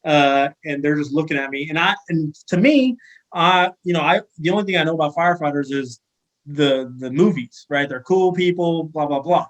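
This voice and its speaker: On a poor-quality recording, a Sacramento firefighter in his thirties tells an animated anecdote as a podcast guest. His fairly high voice moves at normal speed, and he keeps restarting and using fillers.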